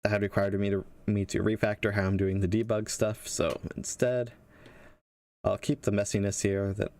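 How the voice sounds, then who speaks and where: A man with a somewhat low voice works through a game-development tutorial live. He talks casually and thinks aloud, pausing and restarting his sentences as he goes. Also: level tone, darkish tone. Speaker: game developer teaching on a livestream.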